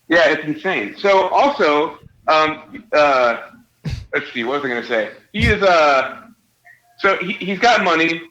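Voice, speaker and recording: A man's voice: fairly high pitch, lively intonation, a little slow, bright, forceful tone, highs cut off. A man in casual podcast chat, telling a laid-back story with crude humor. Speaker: podcast co-host.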